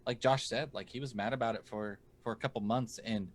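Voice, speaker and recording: A man of middling pitch co-hosts a podcast in relaxed conversation. He mostly listens, nudges in with short agreements and teasing jokes, then sums up the point. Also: fairly quick. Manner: supportive listener, short affirmations, joking. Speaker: podcast co-host. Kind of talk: casual chat. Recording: podcast microphone.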